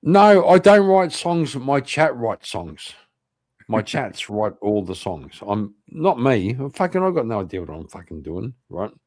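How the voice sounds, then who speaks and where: A man with an Irish accent hosting an online interview show, chatting casually, animated and swearing freely. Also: medium pitch, measured pace, dry recording, studio quality. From Ireland. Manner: animated, swears a lot, laughs often. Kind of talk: casual livestream chat.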